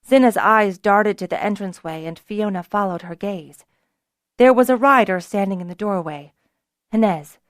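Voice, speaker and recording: Woman, audiobook narrator, fantasy story, measured delivery, mid pitch, dry close sound. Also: no echo.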